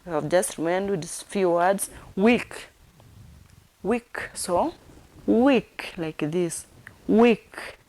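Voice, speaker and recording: Slow, patient woman teaching signs. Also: medium pitch, a little mellow. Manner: slow, repetitive, spells words letter by letter. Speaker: sign language teacher. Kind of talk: sign language lesson.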